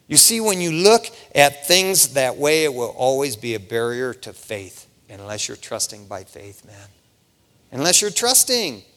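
A middle-aged man preaching a sermon in a casual, conversational way, often tossing in "man" as he talks. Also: high-pitched. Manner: animated, conversational, peppers lines with "man". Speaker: pastor. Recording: long reverb of a large hall.

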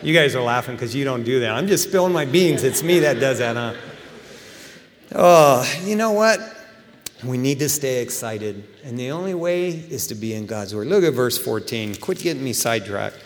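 A middle-aged man preaching a sermon in a casual, animated storytelling way, acting out quotes. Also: medium pitch, normal speed, long reverb tail. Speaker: pastor.

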